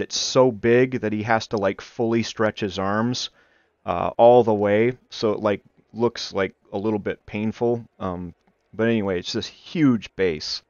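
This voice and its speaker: A man's voice: lowish voice, clear, resonant tone, dry recording, lo-fi sound. A man narrating as dungeon master in a tabletop game, describing scenes with many hesitant fillers.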